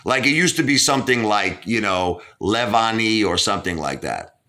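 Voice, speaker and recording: A man's voice: on the low side, animated, moderate pace, bright, forceful tone. A man from Brooklyn, hosting a casual interview and rambling with lots of "you know". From Brooklyn, New York. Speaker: host.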